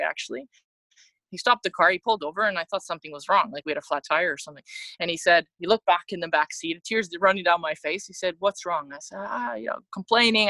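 A woman from Canada speaking in a bright, clear voice. She tells her own story in a candid, reflective way, often restarting her sentences. The sound is close and dry. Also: fairly low pitch, no room sound, rough recording. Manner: reflective, with frequent restarts and laughs. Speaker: interview guest, former soccer player.

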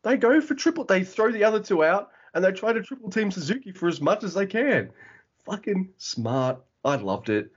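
A man co-hosting a podcast, recapping wrestling matches in lively, casual talk with swearing and laughs. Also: sits high, normal speed, husky. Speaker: podcast co-host. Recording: dull lo-fi audio.

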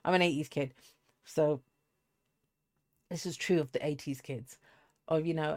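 A woman's voice: deep voice, steady tone, moderate pace, pauses often, darkish tone. A woman, giving a casual, rambling tarot reading full of asides and restarts. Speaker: tarot reader.

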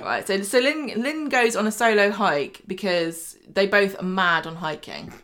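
A woman talks through a soap plot in casual chat, chatty and quick to laugh. Her voice sits at an ordinary middle pitch for a woman. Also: fairly bright tone. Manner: chatty recapping, acts out quoted lines, laughs often. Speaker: podcast co-host recapping a soap.

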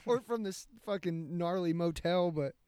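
A man hosting a casual podcast chat, joking and teasing his guest with quick interjections. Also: sits high, mellow, clean tone, dry recording, clean studio sound. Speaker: podcast host.

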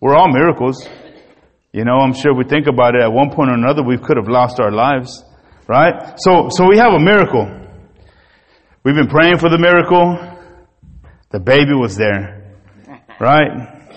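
A man pastor delivering a sermon, telling a personal story in an animated, emotional way. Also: medium pitch, normal speed, long reverb tail, muffled recording.

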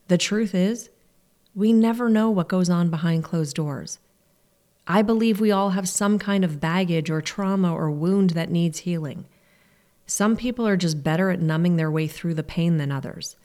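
A woman's voice: lowish voice, a little mellow. A woman hosting a podcast, speaking in an earnest, reflective and encouraging way in a scripted monologue. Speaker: podcast host.

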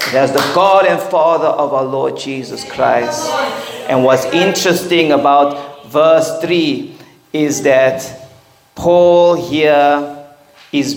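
Emphatic man preaching in an echoey church. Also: on the high side. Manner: emphatic preaching with rhetorical questions. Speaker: pastor. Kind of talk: sermon. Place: church hall with congregation. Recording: echoey hall with congregation responding.

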